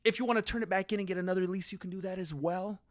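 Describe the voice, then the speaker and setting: A man voicing a persuasive adult male car salesman, talking in smooth, deliberate sales patter. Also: high voice, steady tone, no echo, studio quality, lightly acted.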